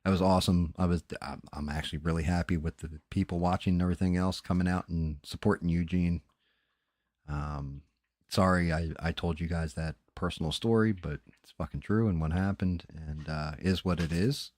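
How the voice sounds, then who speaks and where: A man's voice: low-pitched, steady tone, normal speed, a little mellow, no echo, clean studio sound. A man hosting a casual late-night livestream, tired and rambling, with loose, profane talk. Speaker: livestream host.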